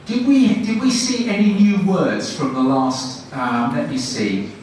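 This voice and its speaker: Male trainer demonstrating lessons, brisk and encouraging, higher pitch, recorded far back in a roomy lecture hall with faint noise. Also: darkish tone. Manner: brisk questioning with quick praise. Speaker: guest lecturer and teacher trainer. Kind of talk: demonstrating classroom teaching to an audience. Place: university lecture room. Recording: echoey room from a distant mic.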